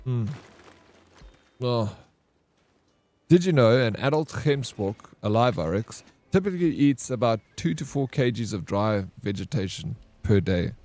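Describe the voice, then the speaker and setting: A man live-streaming a game, chatting and joking with his viewers, and loudly welcoming raiders. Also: mid-range voice, unhurried. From South Africa. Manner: jokey, excitable, banters with chat. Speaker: variety streamer. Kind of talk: casual live-stream chat while gaming.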